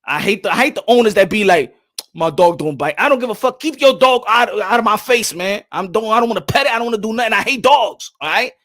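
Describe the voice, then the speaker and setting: A man telling casual stories on a boxing podcast, animated and profane, laughing often. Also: sits high, quick pace, hardly any pauses. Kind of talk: casual storytelling chat.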